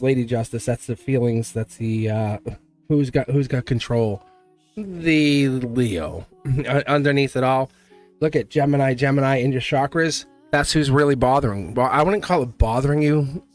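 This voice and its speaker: A man giving a live tarot reading, blunt and chatty, laughing often and acting out little voices. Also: mid-range voice. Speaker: tarot reader.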